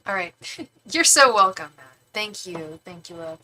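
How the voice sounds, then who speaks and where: A woman's voice: medium pitch, expressive, unhurried, bright, forceful tone, poor audio. A woman tarot reader on a live stream, chatting casually and affectionately with viewers, with lots of fillers.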